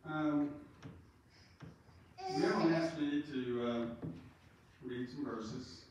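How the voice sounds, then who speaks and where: At a funeral home, a man with a slightly high, darkish voice and drawn-out words delivers a folksy, rambling eulogy full of anecdotes and fillers. The room is very echoey, the mic distant, with slight background noise.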